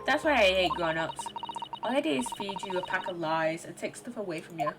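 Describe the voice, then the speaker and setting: Lady doing a bratty northern street kid girl, mouthy, pitch jumping all over, loud music behind. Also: lively intonation, a little fast. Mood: defiant. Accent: Northern English, put on. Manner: defiant, mouthy. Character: cheeky young street urchin girl.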